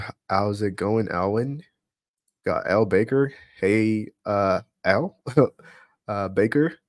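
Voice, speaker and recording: A man hosting a casual live stream, greeting viewers by name from the chat in a relaxed, chatty way and laughing often. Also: fairly low pitch, dry recording, clean studio sound. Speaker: livestream host greeting chat. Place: home streaming setup.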